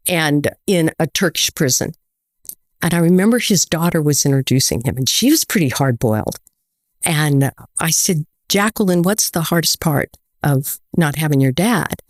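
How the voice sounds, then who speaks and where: A woman's voice: low voice, no echo. An American woman speaks as a guest in a casual interview, telling stories with lots of quoted back-and-forth. Her voice rises and falls often and sounds close and dry. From United States. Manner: animated, tells stories with quoted dialogue.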